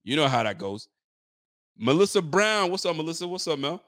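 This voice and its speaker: Profane, fired-up sports podcast host. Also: male voice, a little high, normal speed, dry recording, studio quality. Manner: profane, animated rant with slang. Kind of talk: casual ranting commentary.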